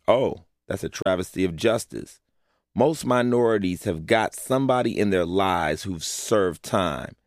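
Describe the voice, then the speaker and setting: A man's voice: sits low, dry recording, studio quality. A man narrating a personal essay in a blunt, profane way, often asking rhetorical questions. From Los Angeles, USA.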